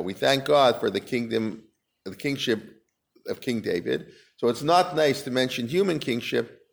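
A man's voice: mid-range voice, gravelly. A man teaching a Talmud class, reading the Aramaic aloud and then explaining it in casual, conversational English.

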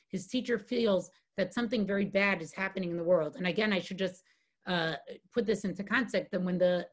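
A woman giving a Talmud lesson as a guest teacher, reading Aramaic lines and translating them, tagging many sentences with "right?". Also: medium pitch. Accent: Hebrew and Aramaic phrases read with Ashkenazi pronunciation. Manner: reads Hebrew and Aramaic text, then translates it, with frequent "right?" tags. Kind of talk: lecture on Talmud text.

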